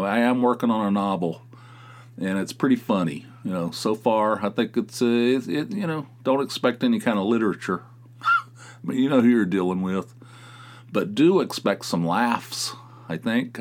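A man's voice: on the low side, normal speed. A middle-aged man hosting his podcast from his home office, chatting casually in a rambling, self-mocking way and swearing freely. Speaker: podcast host. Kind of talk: casual solo chat.

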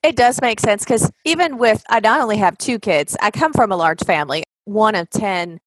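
A woman's voice: medium pitch, normal speed, background noise. A woman from Washington State hosting a podcast, talking in a chatty, enthusiastic way. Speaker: podcast host. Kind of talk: casual podcast talk.

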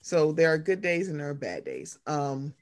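A young woman co-hosting a podcast in casual chat. She rambles, reads a story aloud, and does high-pitched impressions of her mother. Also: very animated, moderate pace, darkish tone. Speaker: podcast co-host.

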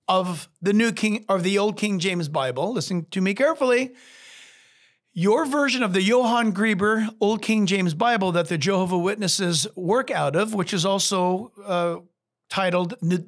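Here a high-pitched man, a pastor, delivers Bible teaching with animation and emphasis. He talks straight to whoever is listening.

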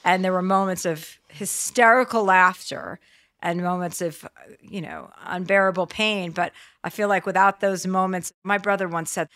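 Candid, chatty woman host, lowish voice. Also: fairly even intonation, moderate pace, fairly bright tone. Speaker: podcast host. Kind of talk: casual conversation.

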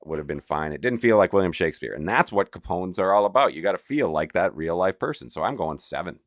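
Deep-voiced opinionated man on a podcast. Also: animated, fast, no room sound, clean studio sound. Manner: opinionated, trailing restarts. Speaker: podcast co-host. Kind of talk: casual TV recap chat.

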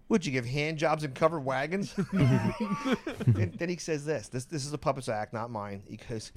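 A man rambling through comedy-club stories, halting and restarting, laughing often. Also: mid-range voice, a little hiss or hum. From Philadelphia area. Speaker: comedian guest. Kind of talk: casual chat, storytelling.

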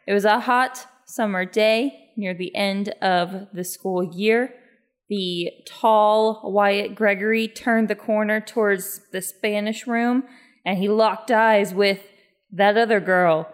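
A woman's voice: medium pitch, fairly even intonation, slow pace. A young woman in casual chat, teasing her brother and narrating an improvised scene. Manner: teasing, sisterly.

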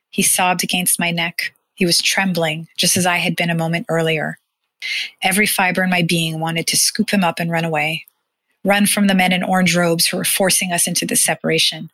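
A woman narrating a first-person story in a tender, measured, hushed way. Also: lowish voice, no echo, rough recording.

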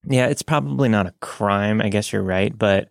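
A man co-hosting a podcast, talking in a relaxed, rambling way and laughing often. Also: on the low side, normal speed, vocal fry, dry recording, studio quality. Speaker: podcast co-host. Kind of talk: casual chat.

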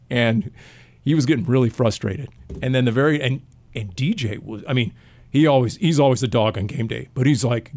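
A man co-hosting a casual sports podcast, his voice sitting in an ordinary middle pitch. He talks in an animated way, breaking into quick stories and jokes with his co-hosts. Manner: animated storyteller, jokey. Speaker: podcast co-host.

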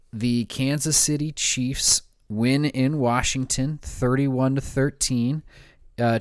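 A man's voice: medium pitch, clean tone, dry recording, studio quality. A man co-hosting a sports podcast in casual chat, easygoing and moving the talk from game to game. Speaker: podcast co-host.

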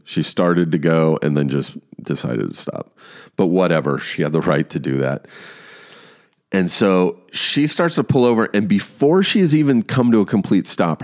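Deep-voiced man telling a story with lots of swearing. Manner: profane, animated storytelling. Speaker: podcast host. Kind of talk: casual storytelling monologue.

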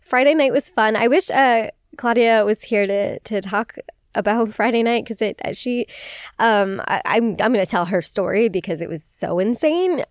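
A woman's voice: mid-range voice, clear, resonant tone, dry recording, clean studio sound. Chatty swearing woman in her twenties. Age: 20s. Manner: chatty, swears freely, laughs often, animated retelling. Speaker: podcast host. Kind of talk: casual storytelling chat.

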